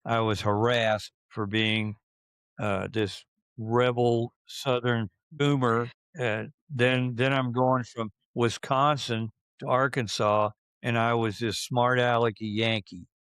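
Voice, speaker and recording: Unhurried older man in his seventies, smooth voice. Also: medium pitch, fairly even intonation, a bit bright, no echo. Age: 70s. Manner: halting, with many fillers and restarts. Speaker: interviewee recalling his youth. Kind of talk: casual reminiscing.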